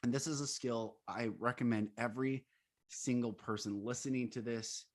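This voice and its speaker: A man's voice: medium pitch, steady tone, moderate pace. A man who leads men's retreats, speaking earnestly and emphatically in an interview, now and then laughing as he explains. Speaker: coach and retreat leader. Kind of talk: interview conversation.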